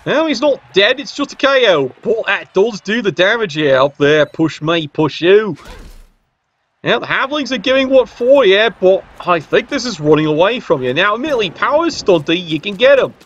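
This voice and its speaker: A man's voice: high-pitched, lively intonation, moderate pace, fairly bright tone, lo-fi sound. A man giving casual, sarcastic play-by-play commentary on a video game match. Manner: cheeky, sarcastic banter.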